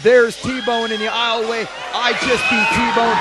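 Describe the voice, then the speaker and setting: A man, a wrestler loudly and excitably calling his own match in boastful play-by-play. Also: extremely high pitch, moderate pace, few pauses. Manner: loud, excitable, boastful, shouting. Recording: loud arena crowd behind.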